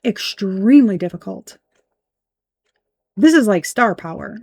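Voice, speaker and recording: A woman's voice: mid-range voice, lively intonation, measured pace, a little mellow, breathy edge, no room sound. A woman giving a casual tarot reading, blunt and emphatic, swearing freely as she points out the cards. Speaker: tarot reader.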